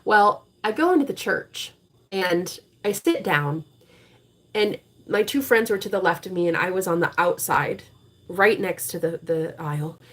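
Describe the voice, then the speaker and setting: A woman hosting a live tarot reading stream, talking bluntly with a lot of profanity and turning preachy and forceful when she drives a point home. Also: fairly low pitch, lively intonation, a little slow. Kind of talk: casual live-stream talk.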